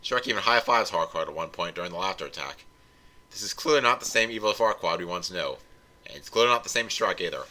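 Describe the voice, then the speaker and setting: A man's voice: deep voice, lively intonation, fast talker, pushed and bright. A man hosting a comedic fanfiction read-along, reading narration with wry asides. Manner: wry, breaks into laughter. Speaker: host, fanfiction reviewer.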